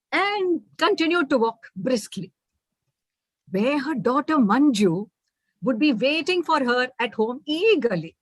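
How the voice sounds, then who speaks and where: A woman's voice: sits high, slightly rough, dry recording. A woman with an Indian English accent, a teacher narrating a story in a storytelling performance. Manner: expressive, measured narration.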